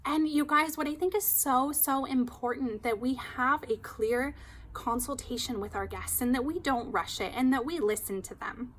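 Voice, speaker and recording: Woman hairstylist, higher voice, chatty and animated, casual storytelling. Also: moderate pace. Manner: chatty, animated, heavy use of "like".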